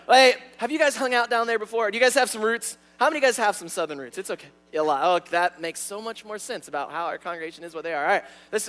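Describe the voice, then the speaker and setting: A young man preaching a sermon in a church, animated and stuttering, often repeating words. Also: sits high, fast. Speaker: pastor. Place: church sanctuary.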